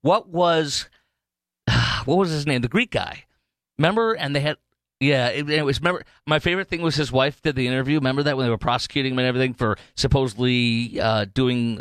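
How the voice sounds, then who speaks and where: A man's voice: medium pitch, fairly bright tone, dry recording. A man hosting a political talk radio show, rambling animatedly with many fillers and restarts.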